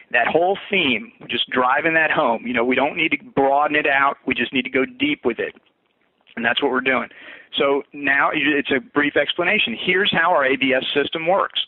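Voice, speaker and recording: In a recorded sales training walkthrough, a fitness business coach leads trainees through a sales script conversationally, often repeating words as he restarts. His voice is medium in pitch, and the dry recording has a tinny, phone-like quality.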